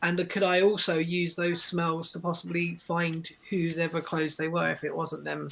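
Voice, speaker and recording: A woman's voice: lowish voice, flat delivery, moderate pace, gravelly, a bit bright, slight background noise. A woman playing a tabletop role-playing game, asking the game master many unsure questions about the rules. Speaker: player. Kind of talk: casual tabletop game chat.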